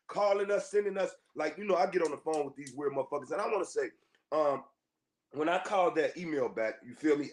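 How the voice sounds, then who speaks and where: Fired-up man ranting with a slightly high voice. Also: a little mellow. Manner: profane, confrontational, repeats himself. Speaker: podcast host. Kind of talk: heated monologue rant to listeners.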